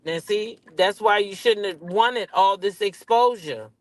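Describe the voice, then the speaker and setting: A woman's voice: medium pitch, measured pace, no echo. Profane, blunt woman ranting from her car. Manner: blunt, profane, animated, talks back to chat. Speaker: reality TV commentator. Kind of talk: casual rant to viewers. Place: in a car at a drive-through.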